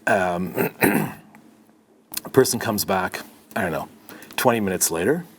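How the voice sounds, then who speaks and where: A middle-aged man from Canada, a podcast guest, telling a story in an animated way and acting out the dialogue. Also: low-pitched, measured pace, a little hiss or hum. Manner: animated, acts out dialogue in his anecdotes. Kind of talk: conversational storytelling.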